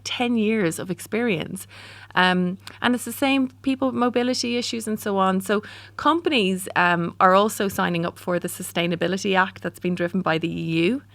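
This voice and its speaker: A woman's voice: medium pitch, gravelly, a bit bright, dry recording. A woman in her forties with an Irish accent, a startup founder answering interview questions candidly, with frequent ums and restarts. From Ireland.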